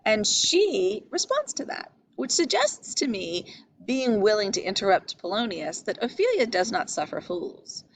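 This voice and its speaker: Woman lecturing with lively pitch. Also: measured pace, a little hiss or hum, poor audio. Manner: explanatory, questioning, stresses key words. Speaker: literature teacher. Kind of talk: lecture on a play.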